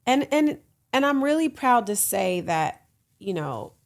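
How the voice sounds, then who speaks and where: A woman's voice: on the high side, big pitch swings, a little slow, creaky. A woman in her late thirties hosting her own podcast, talking frankly and playfully, laughing often and cheering listeners on. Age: 30s. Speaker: podcast host. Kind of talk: casual solo podcast talk.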